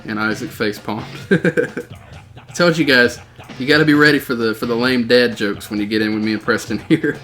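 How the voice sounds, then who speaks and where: A man streaming live gameplay, excitedly calling out plays and reading chat messages aloud. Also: mid-range voice, moderate pace, soft background music. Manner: excitable, shouting out game callouts. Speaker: gaming streamer.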